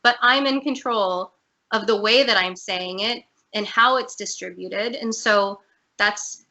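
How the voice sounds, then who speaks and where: A woman's voice: medium pitch, unhurried, pushed and bright. A woman guest on a video-call interview, telling a personal story in a candid, earnest way. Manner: earnest, candid, emotional at times.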